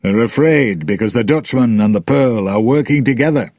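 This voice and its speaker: A man's voice: mid-range voice, normal speed, a little mellow, no room sound, clean studio sound, natural voice. A man voicing a grizzled male pirate first mate, urgent and blunt.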